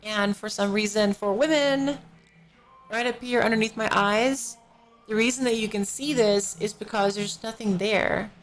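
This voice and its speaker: A woman's voice: medium pitch, measured pace. A drowsy woman streams from her home desk and rambles through casual chat, yawning and a little out of it. She talks into a good desk microphone, with faint music drifting in from somewhere nearby. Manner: rambling, slightly out of it. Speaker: live streamer. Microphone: professional-grade desk microphone. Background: faint music from a neighbor.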